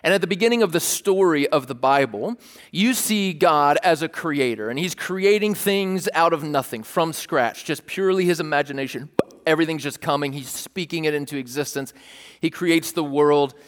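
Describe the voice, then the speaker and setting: A man's voice: fairly high pitch, moderate pace. Man preaching in a reverberant hall. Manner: animated, plays out scenes with sudden shouts. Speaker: pastor. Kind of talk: sermon with storytelling. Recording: long reverb of a large hall.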